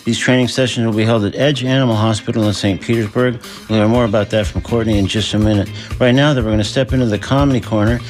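A man's voice: fairly low pitch, steady tone. Man, radio host, friendly interviewer, faint background music. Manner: friendly, slightly halting questions.

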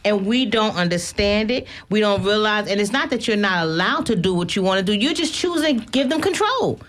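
Lively female radio co-host. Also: medium pitch, fairly quick. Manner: lively, emphatic, laughs often. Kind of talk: casual talk radio.

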